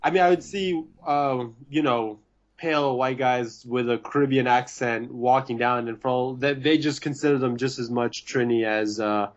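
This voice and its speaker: A young man who is a podcast guest, talking in a relaxed, easygoing way with plenty of hesitations. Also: mid-range voice, moderate pace. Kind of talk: casual chat. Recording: slightly dull, lo-fi sound.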